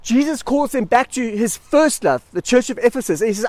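A man preaching a sermon as pastor, animated and emphatic, leaning on pauses and repetition. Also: very high-pitched.

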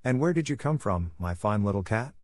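A man's voice: on the low side, lively intonation, fairly quick, no room sound, close to an everyday voice. A man voicing a vain, fierce male ogre who asks amused, boastful questions in a storybook reading.

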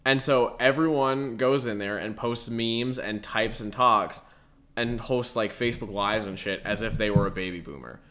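A man's voice: fairly low pitch, normal speed, sharp tone. A young man co-hosting a podcast, rambling and laughing through loose, profane stories in casual chat. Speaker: podcast co-host.

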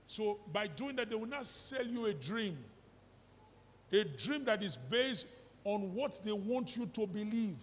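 An unhurried middle-aged pastor with a Nigerian accent preaches with lively intonation in a high voice. He switches between pidgin and English and fires rhetorical questions at the congregation, captured in a reverberant church hall recording.

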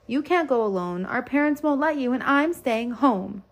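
A woman's voice: high-pitched, expressive, normal speed, pitched above the performer's own voice. A woman voicing a lazy, reluctant older boy who grumbles about the heat. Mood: grumbling. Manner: reluctant, whiny.

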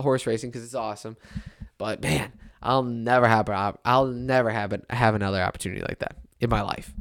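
A young man in his twenties rants casually about the weekend's games. He sounds animated and exasperated, his voice jumping up and down as he complains. His pitch sits right in the middle for a man. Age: 20s. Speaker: sports commentator. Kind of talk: casual sports rant.

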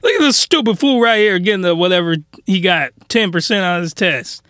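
A man's voice: high voice, expressive, brisk, bright, forceful tone, smooth, no echo, studio quality. A man putting on a young female teacher who insults her class in mocking, exaggerated slang. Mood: scolding.

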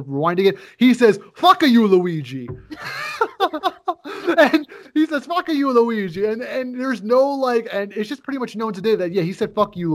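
High-voiced man rambling and swearing. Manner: rambling, profane, loose storytelling. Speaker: podcast co-host. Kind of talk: casual chat.

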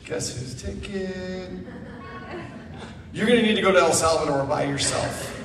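A man giving a guest testimony at church, animated and self-mocking, acting out the people in his story. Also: high-pitched, a little slow, pauses often, crowd noise. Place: church sanctuary. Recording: echoey church hall from far off.

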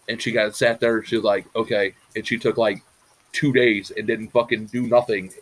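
A man's voice: fairly low pitch, little pitch movement, normal speed. A man co-hosting a casual talk show, rambling and swearing bluntly. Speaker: podcast co-host. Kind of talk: casual chat.

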